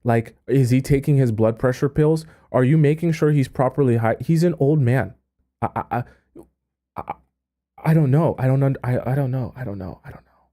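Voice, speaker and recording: A mellow-voiced man hosts a live stream from a home setup, reacting to a viewer's letter. He stammers and repeats himself in stunned disbelief, his voice sitting at an ordinary middle pitch. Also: moderate pace. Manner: stammering, incredulous, dropping to mutters and breaking into laughter. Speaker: dating coach and live-stream host.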